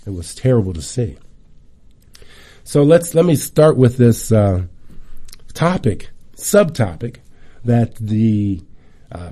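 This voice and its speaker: Middle-aged guy doing a chatty wellness talk, really dark mellow tone, lots of little asides. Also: lowish voice. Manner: chatty, animated storytelling with asides. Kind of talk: casual talk to an audience.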